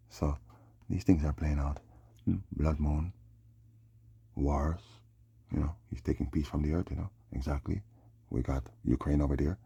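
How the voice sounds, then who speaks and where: A man's voice: very deep voice, vocal fry, mellow, husky, dry recording, highs cut off. A man delivering a rambling solo monologue, drawling and often breaking off with a questioning "hmm?". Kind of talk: rambling monologue on names and prophecy.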